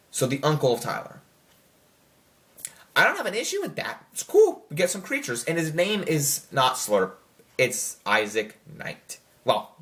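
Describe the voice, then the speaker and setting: A man's voice: medium pitch, fairly bright tone. Male reviewer, casual, rambling, full of fillers and self-corrections. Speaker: show reviewer.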